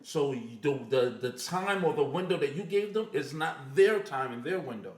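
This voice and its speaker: A man's voice: on the high side, expressive, normal speed, far from the mic. A man co-hosting a casual podcast chat, laughing often and teasing the others. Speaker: podcast co-host. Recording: echoey room.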